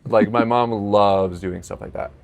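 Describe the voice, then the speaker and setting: Casting: young male podcast host, lowish voice, chatty storyteller, easy laughs. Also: unhurried. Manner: storytelling, laughs often, animated when acting out scenes. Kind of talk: casual chat.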